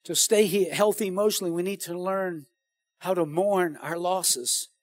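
Man, high-pitched voice, dry close mic, preaching, calls out to the crowd. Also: moderate pace, no room sound. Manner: animated, calls out to the congregation. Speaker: pastor. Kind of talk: sermon.

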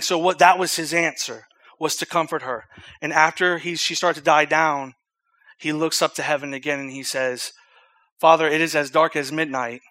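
A man preaching an evening sermon, telling a story in an earnest, conversational way and reading scripture aloud with loud emphasis. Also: a little high.

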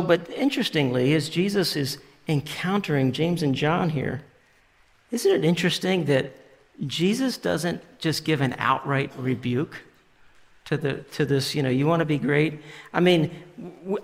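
Man, sermon, conversational preacher, somewhat high voice, gravelly fry, long hall reverb. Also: fairly bright tone. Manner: conversational preaching, paraphrasing scripture with fillers and restarts. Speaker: pastor.

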